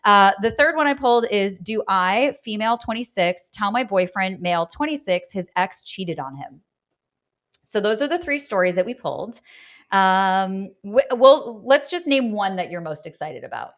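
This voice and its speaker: A woman hosting a podcast, talking through relationships in a casual, animated way with lots of fillers. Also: medium pitch, normal speed. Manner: animated, rising into laughter, chatty with fillers. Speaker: podcast host. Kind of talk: casual interview chat.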